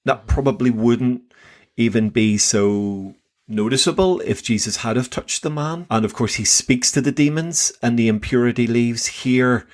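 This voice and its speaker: An older man co-hosting a Bible podcast, talking excitedly in halting bursts, repeating words as he goes. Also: medium pitch. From England. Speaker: podcast co-host. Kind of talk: casual Bible discussion.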